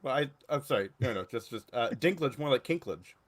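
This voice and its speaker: A man co-hosting a casual podcast, making puns and chuckling, often trailing off quietly, then reading news aloud. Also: mid-range voice, expressive, a little fast. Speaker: podcast co-host.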